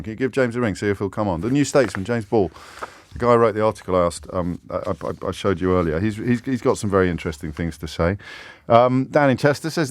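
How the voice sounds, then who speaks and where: Playful radio host, dry studio sound. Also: male voice, medium pitch, dry recording. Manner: playful, self-mocking, rambling. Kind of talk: casual radio chat. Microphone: studio microphone.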